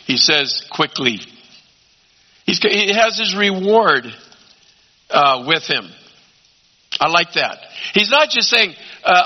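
A man's voice: sits high, very animated, slow pace, long pauses. Emphatic male preacher, muffled sound. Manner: emphatic, swings between loud urging and quiet asides. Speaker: pastor. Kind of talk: sermon. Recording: dull lo-fi sound.

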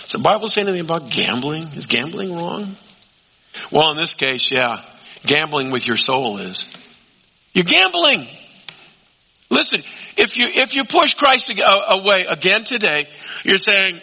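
Man, pastor, sermon, emphatic urging with quiet asides, dull lo-fi sound. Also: high voice, sing-song, normal speed.

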